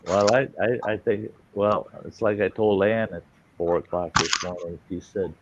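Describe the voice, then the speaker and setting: A man's voice: on the low side, steady tone, normal speed. A man hosting a casual livestream chat, telling rambling, salty stories and acting out quotes. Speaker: host. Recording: dull lo-fi stream audio with faint hiss.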